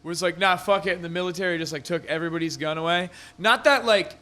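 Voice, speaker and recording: A man's voice: sits high, quick pace, bright, forceful tone. A man talking casually at a bar venue, rambling and swearing freely as he riffs. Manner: profane, rambling, riffing. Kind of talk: casual chat.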